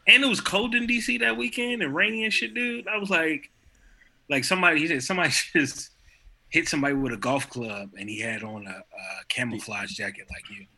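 A man's voice: a little high, animated, fairly quick, vocal fry, bright, forceful tone. A young man in a casual chat with friends, talking expressively about his own experiences. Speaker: friend in conversation.

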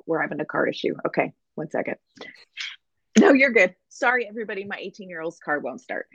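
A woman in her forties co-hosts a casual sports podcast, chatty and emphatic. Her voice sits a little low. It is recorded close and dry, with no room sound. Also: very animated, a bit bright, husky, no room sound, muffled recording. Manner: chatty and emphatic, with slowed stresses. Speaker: podcast co-host.

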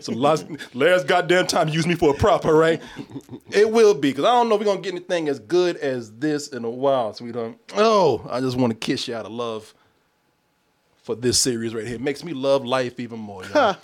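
A man hosting a casual review video, talking straight to his viewers, swearing and gushing with excitement. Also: medium pitch, a little fast. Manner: exuberant, swears, calls out to viewers.

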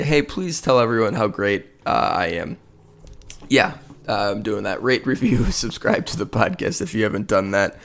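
A man hosting a sports podcast alone, talking casually with lots of fillers and a tired, yawning, self-deprecating ramble. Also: lowish voice. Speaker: podcast host.

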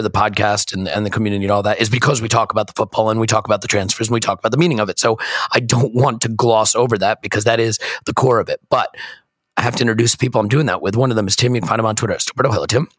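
A man hosting a sports podcast with a hoarse, croaky voice, chatting casually and self-deprecatingly from a hotel room. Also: fairly low pitch, fairly even intonation, racing, fairly bright tone, no room sound, clean studio sound. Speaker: podcast host. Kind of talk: casual chat.

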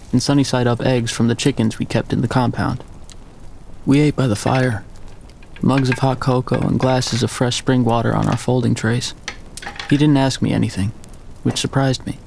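A man narrating a first-person story in a steady, measured way. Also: medium pitch, gravelly, slight background noise.

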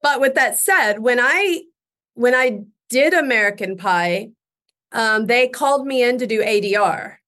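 A woman's voice: a little high, lively intonation, a little slow, a bit bright. Chatty woman with a raised voice. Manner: laughs often while telling stories; chatty with frequent fillers and restarts. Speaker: guest actress. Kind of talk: casual interview chat.

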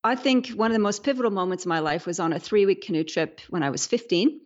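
A woman's voice: mid-range voice, fast talker, dull audio. A Canadian woman, a leadership speaker, joining a podcast interview remotely and reflecting on adventure.

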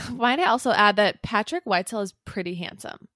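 A woman's voice: mid-range voice, moderate pace, pushed and bright, no echo, clean studio sound. A woman co-hosting a podcast, chiming in with short reactions and mock-shocked asides. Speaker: podcast co-host. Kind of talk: casual chat.

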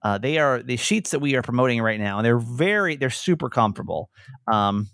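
A man's voice: medium pitch, lively intonation, brisk, a bit bright, no room sound, clean studio sound. A man co-hosting a podcast, chatting casually, rambling and restarting his sentences and laughing easily. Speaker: podcast co-host.

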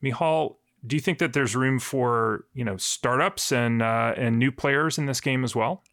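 A man with a gravelly, fry-laced voice talks through a story on a news podcast. He explains in a relaxed, conversational way with a joking streak. The sound is dry and close. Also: medium pitch, unhurried, no echo. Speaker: reporter.

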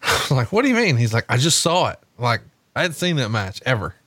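Man, podcast host, casual chat over a wrestling match, lively storyteller, cursing, dry close sound. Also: mid-range voice, a little fast, dry recording. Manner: animated storytelling, swears casually.

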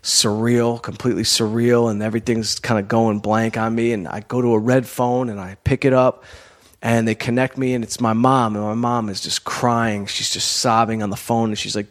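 A man's voice: mid-range voice, flat delivery, normal speed. Candid storytelling man, conversational. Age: adult, college-educated comedian and performer. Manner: candid, conversational, frequent "you know" and "like". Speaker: podcast host telling a personal story. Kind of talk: casual storytelling monologue.

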